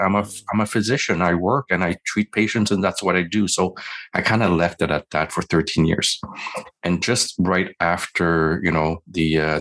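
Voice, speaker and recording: A man's voice: low-pitched, a bit bright. A man in his forties, a physician and podcast guest, telling a candid, self-deprecating story in a casual interview and acting out the voices of the people in it. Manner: candid, self-deprecating, acts out quoted dialogue.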